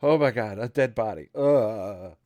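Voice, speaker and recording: A man's voice: on the low side, measured pace, darkish tone, dry recording, lightly acted. A man voicing a squeamish man who panics at a dead body, gasping out short exclamations. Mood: horrified.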